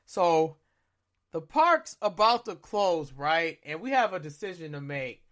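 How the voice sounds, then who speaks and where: Lively, bright-voiced man in his thirties. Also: high voice. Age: 30s. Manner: animated, acts out his own reactions with loud shouts. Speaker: podcast co-host. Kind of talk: casual storytelling.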